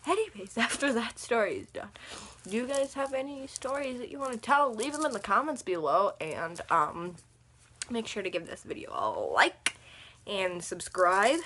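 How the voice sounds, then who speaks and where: Giggly husky young woman vlogger. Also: a little high, big pitch swings, normal speed, bright, forceful tone. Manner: giggly, rambling, laughs often through the story. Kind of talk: casual storytime vlog.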